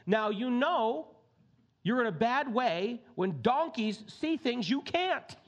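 A male pastor preaches in a high voice that swings widely in pitch. He mixes scripture reading with chatty, direct asides to the congregation, and his delivery is lively and conversational. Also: slow pace. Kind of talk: sermon.

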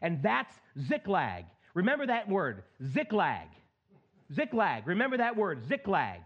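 A middle-aged male pastor preaching a sermon in an animated, plain-spoken way with joking asides. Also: sits high, unhurried, muffled recording.

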